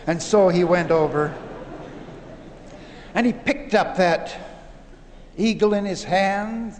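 Male storyteller, high voice, folksy parable, reverberant hall recording. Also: a little slow, long pauses. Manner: folksy storyteller, voices characters with lively rises. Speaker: church leader telling a parable. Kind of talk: recorded conference talk, storytelling.

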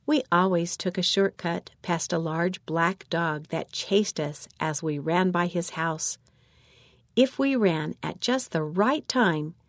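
A woman's voice: fairly low pitch, no room sound, clean studio sound. A woman reading aloud a mother's memory of a frightening childhood moment, with her voice rising at the cry for help. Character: grown woman recalling childhood terror. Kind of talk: read-aloud quoted story.

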